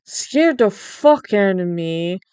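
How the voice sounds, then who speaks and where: A woman's voice: mid-range voice, expressive, slow, dark tone, clear, resonant tone, dry recording, lo-fi sound. A young woman livestreamer chatting casually, incredulous and swearing freely. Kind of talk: casual chat while drawing.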